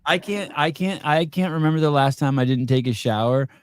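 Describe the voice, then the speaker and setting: A man in his forties hosting a podcast, telling self-deprecating stories in relaxed casual chat. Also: on the high side, fairly quick, clean tone, no echo, clean studio sound. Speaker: podcast host.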